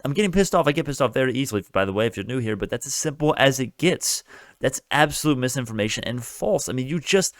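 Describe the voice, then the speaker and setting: A man's voice: mid-range voice, fast talker, a bit bright, no room sound, studio quality. A man hosting a stock channel, giving heated reaction commentary in an agitated, swearing rant.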